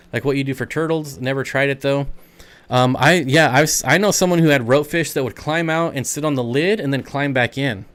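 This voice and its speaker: Smooth-voiced chatty male stream host. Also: mid-range voice, a bit bright. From United States. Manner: chatty, rambling, reads and answers chat comments. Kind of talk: casual live stream Q&A.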